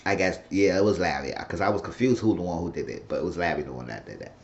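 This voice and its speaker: A man with a fairly low voice rambles through an episode recap, swearing freely and acting out what each character said. The recording sounds slightly dull and lo-fi. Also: lively intonation, quick pace, vocal fry. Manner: rambling, profane, acts out characters' lines. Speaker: TV recap reviewer. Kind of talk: casual spoken episode recap.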